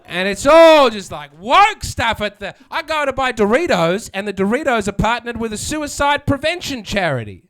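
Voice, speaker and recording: Stand-up comic, man in his 30s, high-pitched, sardonic. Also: sing-song, moderate pace, hardly any pauses, a bit bright. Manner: sardonic, crowd-work, acts out quotes. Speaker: stand-up comedian. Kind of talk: stand-up comedy set. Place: comedy venue with live audience.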